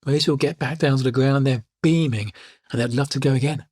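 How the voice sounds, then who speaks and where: A man, a life coach telling calm personal stories in a reflective podcast monologue and repeating his key lines. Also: mid-range voice, brisk, slightly rough, dry recording, clean studio sound.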